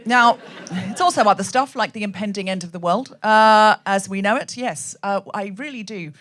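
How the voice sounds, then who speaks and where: A woman's voice: medium pitch, normal speed, fairly bright tone. A woman hosting a comedy podcast on stage, delivering a chatty stand-up monologue with laughing asides to a live audience.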